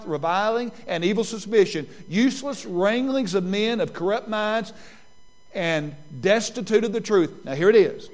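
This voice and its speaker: A man in his sixties preaching a sermon as pastor, earnest and repeating his key points, slowing down for emphasis and then speeding through asides. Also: sits high. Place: church sanctuary.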